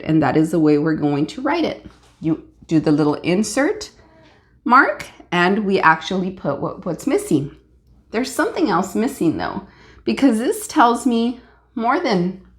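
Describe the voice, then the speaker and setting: Woman teacher, patient step-by-step lesson, slow pace, lively rising and falling pitch. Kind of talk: classroom lesson.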